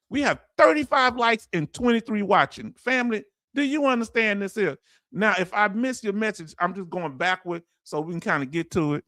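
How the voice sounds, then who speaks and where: Guy on a livestream reading chat, kinda high voice, dry close sound, laughs a lot. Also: moderate pace, no echo. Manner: lively, animated, reads chat aloud, laughs often. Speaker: livestream host.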